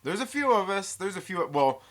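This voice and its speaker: A bright, fairly high-pitched man from the West Coast hosts a casual live stream, reading chat messages aloud and joking around. His talk is loose and chatty, with a clear, forward tone. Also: big pitch swings, moderate pace. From American West Coast. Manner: chatty, reads out viewer messages and jokes around.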